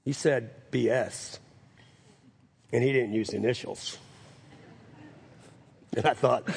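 Gravelly preacher telling a story. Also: male voice, medium pitch, unhurried, long pauses. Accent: New Orleans. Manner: animated storytelling, acting out quoted voices. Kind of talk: sermon storytelling.

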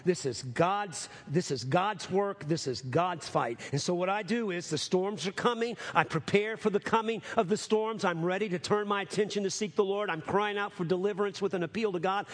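A man preaching a sermon in a somewhat high voice. He repeats phrases for emphasis and climbs into fervent, near-shouted appeals. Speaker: pastor.

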